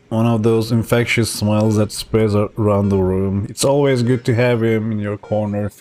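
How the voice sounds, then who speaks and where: Slow-talking young man reading game text. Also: mid-range voice, a little mellow. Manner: slow, laughing, joking asides. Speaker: gaming streamer.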